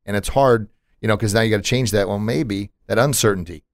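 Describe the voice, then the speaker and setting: A man's voice: on the low side, a little fast, no room sound, studio quality. A man hosting a podcast in casual chat, emphatic and motivational, with punchy asides. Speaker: podcast host.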